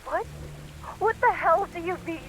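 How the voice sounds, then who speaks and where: A frightened, grieving sister. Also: female voice, very high-pitched, a little slow, soft background music, rough recording. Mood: pleading. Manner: pleading, accusing, tearful. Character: frightened grieving young woman, the sister, alone. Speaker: game character.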